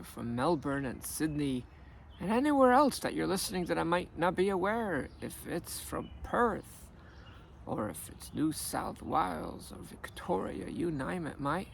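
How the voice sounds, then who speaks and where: A man working as a life coach who tells a story in an animated way and acts out the dialogue. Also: high voice, measured pace, gravelly, slight background noise. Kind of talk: storytelling monologue.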